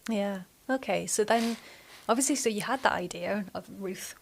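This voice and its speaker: A woman's voice: medium pitch, normal speed, creaky. A woman hosting a podcast interview, asking loosely phrased, friendly questions. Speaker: podcast host. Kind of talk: casual interview talk.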